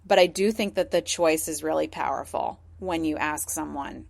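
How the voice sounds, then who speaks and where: A woman with a voice a little on the low side talks through her ideas as a podcast guest. She is measured and thoughtful, with a gentle coaching tone. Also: vocal fry. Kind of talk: conversational explanation.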